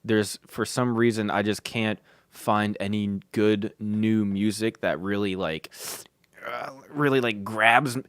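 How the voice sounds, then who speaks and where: A man's voice: fairly low pitch, steady tone, slow, a bit bright, smooth, no room sound, studio quality. A young man hosting a podcast from home, rambling casually with lots of fillers, restarts and offhand swearing. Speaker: podcast host.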